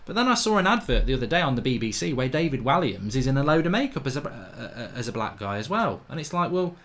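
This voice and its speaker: A man's voice: medium pitch, sing-song, fast talker, a bit bright. A man hosting a live football watchalong stream, talking in a chatty, jokey, rambling way with lots of fillers. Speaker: football channel host. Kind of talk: live match watchalong chat. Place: home studio, with a guitar.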